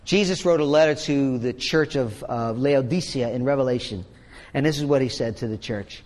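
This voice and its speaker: A man's voice: mid-range voice, moderate pace, darkish tone. A man preaching a sermon as pastor, in a conversational way with sarcastic asides. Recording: long hall reverb.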